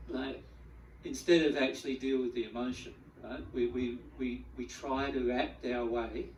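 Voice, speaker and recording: A man giving a spiritual teaching talk to a group, animated, acting out the feelings he describes and often repeating words as he goes. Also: mid-range voice, normal speed, a little hiss or hum. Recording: echoey room, mic at a distance.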